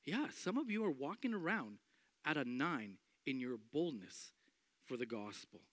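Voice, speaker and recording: A man preaching a sermon as pastor, animated, acting out the voices of people in the story. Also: mid-range voice, a little slow, no room sound.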